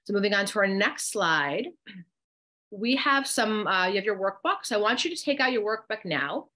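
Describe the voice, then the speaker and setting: A woman's voice: medium pitch, animated, moderate pace, bright, forceful tone. A middle-aged woman with a New Jersey accent co-hosting a live online workshop. She reads out chat comments and guides the group through breathing exercises step by step. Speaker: co-host and coach.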